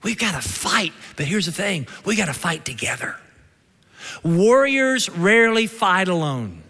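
A man with a Kentucky twang preaches with high-pitched, bright energy. He cracks jokes and keeps calling for amens. His voice rings out with a long church-hall reverb. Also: unhurried, slight background noise. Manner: energetic, joking, calls out for amens. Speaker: pastor. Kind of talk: sermon.

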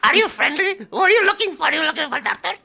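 A man voicing a small, excited male frog-man servant who speaks in broken, simple sentences. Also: very high-pitched, quick pace, creaky, voice pushed up, full character voice. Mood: eager. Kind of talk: tabletop game voicing.

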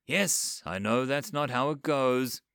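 A man's voice: medium pitch, takes it slowly, fairly bright tone, no echo. A man voicing a world-weary, sardonic male occult fixer who mutters dry, brusque remarks.

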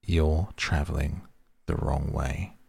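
A man's voice: a bass voice, steady tone, takes it slowly, vocal fry, dark tone, breathy edge, no room sound, exaggerated voice. A man voicing a curt, scolding train guard in a storybook. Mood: stern. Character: stern male train guard.

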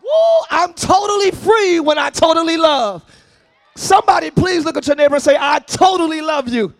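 A man preaching a sermon as pastor, often shouting. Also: extremely high pitch, lively intonation, normal speed. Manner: shouting, sing-song preaching with call-and-response. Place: church service, before a congregation.

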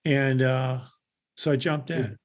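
A man with a gravelly, husky voice, a guest on a casual podcast, telling stories and acting out both sides of the conversations. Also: medium pitch, steady tone, takes it slowly. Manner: acts out both sides of the dialogue in his stories.

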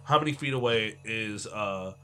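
A man's voice: fairly low pitch, normal speed, sharp tone, slight background noise. A man playing a tabletop game, in loose, profane, stumbling banter. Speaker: player.

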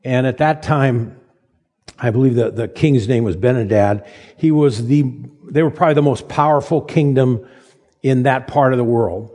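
A man in his seventies preaching a sermon in a folksy, halting way, repeating words as he tells stories. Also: mid-range voice, dark tone. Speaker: pastor. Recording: long reverb of a large hall.

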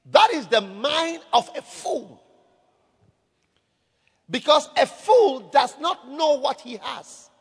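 High-voiced preacher in an echoing hall. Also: male voice, fairly bright tone. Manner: calls for audience response. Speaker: pastor. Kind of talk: sermon. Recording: echoey hall reverb.

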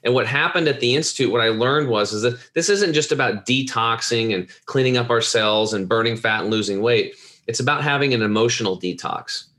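A man's voice: mid-range voice, pushed and bright. A man telling a personal story in casual, earnest speech, rambling with restarts and repeated words.

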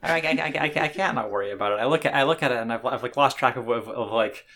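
A man talks quickly and casually, circling back over his own sentences with many fillers. His voice has a gravelly, fried edge, and he keeps the pace brisk as he works through his thoughts on a podcast. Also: medium pitch, bright, forceful tone. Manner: rambling, many restarts and "like" fillers. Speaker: podcast co-host. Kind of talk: casual anime discussion.

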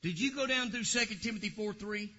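Male pastor preaching, super high bright voice, jokes then shouts, muffled lo-fi church tape. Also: fairly quick. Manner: animated, joking with the congregation, breaks into shouts. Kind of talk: sermon. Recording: dull lo-fi recording.

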